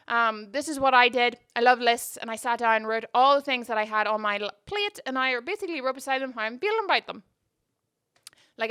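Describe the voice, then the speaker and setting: A woman with a clear, resonant voice talks a little fast, her tone a little high, pushed and bright. She's a podcast host from Northern Ireland whose accent is mostly Canadian with some Northern Irish traces. Speaking close to the mic, she muses candidly and reflectively in a casual monologue, often restarting.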